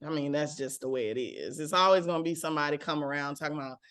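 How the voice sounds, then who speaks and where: A woman from Mississippi, co-hosting a casual chat recapping reality TV, blunt and animated and quick to laugh. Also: sits low. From Mississippi, USA. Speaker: podcast co-host.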